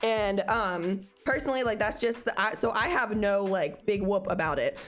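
A woman's voice: medium pitch, moderate pace, faint music behind. A young woman co-hosting a podcast, chatting casually in a loose, profane, confident pep-talk manner. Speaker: podcast co-host. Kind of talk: casual chat.

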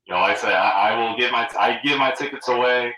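A man's voice: medium pitch, fast, pushed and bright. A middle-aged man chatting casually as a guest fan, hesitant, with many ums and restarts. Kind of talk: casual chat. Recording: roomy echo, distant from the mic.

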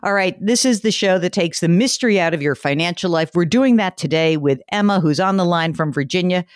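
This is a woman hosting a finance call-in show, blunt and animated, ready to poke fun at herself. Her voice is very dry and close, with no room sound. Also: fairly low pitch, a little fast, no room sound. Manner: blunt, animated, self-deprecating. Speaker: radio finance show host. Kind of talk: talk radio chat and rant.

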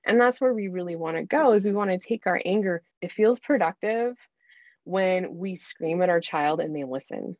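Female guest coach, earnest and animated, low-ish voice, dry lo-fi podcast audio. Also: moderate pace, dry recording. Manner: earnest, animated, acts out inner dialogue. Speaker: guest, mom anger coach. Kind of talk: faith-based podcast conversation.

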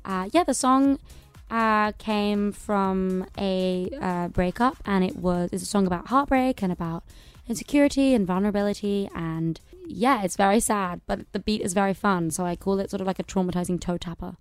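A young woman with a British accent, chatting as a singer guest in a casual radio interview with dry, deadpan humour. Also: mid-range voice, normal speed, clean tone, no echo, soft background music.

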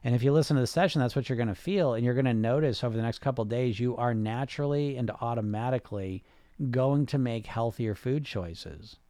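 A man's voice: medium pitch, brisk, mellow, dry recording, clean studio sound. A man hosting a casual coaching talk on weight loss who speaks conversationally, restarts his sentences and keeps tagging them with "right?". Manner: reads viewer comments aloud. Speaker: weight loss hypnotist and podcast host.

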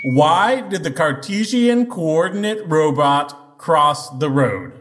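A man playing a boastful, shouty male studio robot sidekick on a scripted comedy game show. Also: on the high side, sing-song, slow, faint music behind, exaggerated voice. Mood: smug. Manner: shouty, smug, theatrical. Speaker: sound effects robot sidekick.

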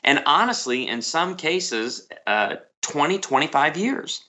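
Middle-aged pastor guy telling stories in an interview, bright forceful voice, keeps restarting his sentences. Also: fairly high pitch, a little slow. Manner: animated storyteller, repeats words when starting sentences. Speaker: pastor and author guest. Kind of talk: conversational interview storytelling.

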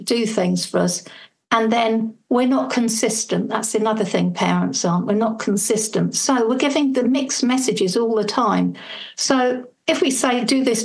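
A woman's voice: on the high side, gravelly, rough recording. A woman, a parenting coach speaking as a guest in a podcast interview, earnest and fluent, explaining with acted-out everyday examples. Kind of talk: conversational advice in a podcast interview.

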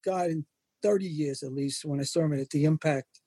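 An older man tells stories in a high, husky voice with a mellow, dark tone. He is animated and slips into other people's voices as he recounts what happened. The sound is dry and close. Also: moderate pace, dry recording. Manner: animated anecdotes, acts out quoted voices. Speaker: wrestling photographer and magazine editor. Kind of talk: storytelling in an interview.

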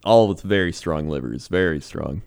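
A man's voice: deep voice, lively intonation, moderate pace, creaky, darkish tone, clean tone. A man co-hosting a comedy podcast, giving mock weather and sports reports in a laid-back, joking way. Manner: laid-back, joking, frequent laughs and fillers. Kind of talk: casual comedy podcast banter.

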